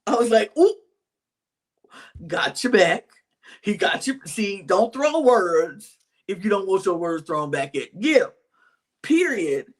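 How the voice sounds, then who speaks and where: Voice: medium pitch, unhurried. A podcast co-host in casual chat, telling stories animatedly and acting out quotes. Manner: animated storytelling with acted-out quotes. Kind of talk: casual chat recapping reality TV.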